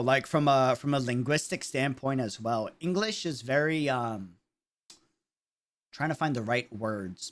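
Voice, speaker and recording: A streamer with a New York accent gives casual livestream commentary in a medium-pitched, fairly bright voice. He rambles and often searches for his words.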